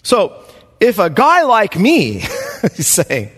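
A man preaching a Bible study sermon, emphatic and animated, chuckling between points. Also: sits high, slow pace, slightly rough. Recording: long hall reverb.

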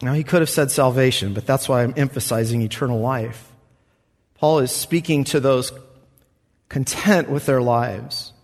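A man's voice: mid-range voice, moderate pace, long reverb tail. A man preaching a sermon as pastor, earnest and conversational, acting out quoted voices as he goes.

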